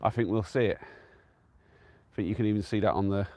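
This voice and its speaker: A man's voice: lowish voice, steady tone, moderate pace, darkish tone, no echo. A man from England chatting casually on a live stream from an open hilltop, easygoing and answering viewers' comments as he goes. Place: outdoors on a windy-free open hilltop at a trig point.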